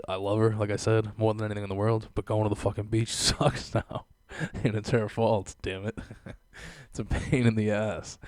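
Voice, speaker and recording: A young man hosts a podcast in a low, darkish voice with no echo, delivering a casual, sarcastic rant. He swears often and laughs at his own lines.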